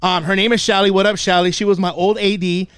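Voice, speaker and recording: A man's voice: high-pitched, little pitch movement, fast talker, a bit bright, clean tone, dry recording, studio quality. A man hosting a podcast and telling a profane, comedic story, swearing constantly and acting out the quotes as he goes. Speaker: podcast host and youth football coach. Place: podcast studio.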